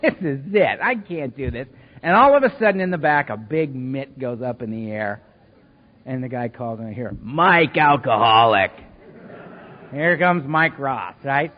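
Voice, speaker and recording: A man's voice: medium pitch, lively intonation, normal speed. Joking man telling stories in an echoing hall. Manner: humorous, self-mocking storyteller with many asides. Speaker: recovery meeting speaker. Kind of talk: recovery talk with personal stories. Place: meeting hall before an audience. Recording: reverberant hall, dull lo-fi sound.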